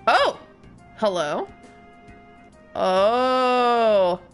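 A woman's voice: on the high side, animated, drawn-out words, soft background music. A woman streaming a video game, chatting and giggling while she reads the game text aloud. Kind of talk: let's play commentary.

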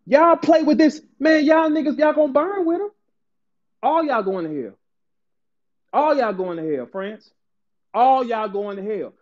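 St guy going off, high voice, cussing nonstop, muffled lo-fi stream sound. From St. Louis, Missouri. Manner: loud, aggressive, profane, rapid repetition. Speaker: battle rapper ranting on a stream. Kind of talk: heated profane rant.

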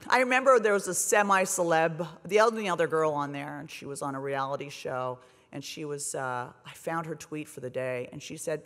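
A woman in her forties giving a comedic speech at a gala, wry and self-deprecating, with lively delivery. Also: low voice, a little fast, few pauses, big-room sound. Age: 40s. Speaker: speaker. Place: large hotel ballroom on stage.

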